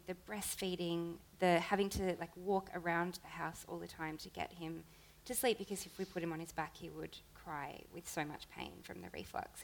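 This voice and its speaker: A woman's voice: on the low side, rough recording. A woman, an interview guest, talking earnestly in casual chat with long run-on sentences.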